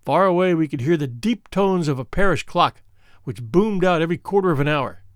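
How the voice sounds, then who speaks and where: A man's voice: fairly high pitch, expressive, brisk, dry recording, studio quality. A man narrating a story in a dramatic, suspenseful reading style. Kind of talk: scripted narration.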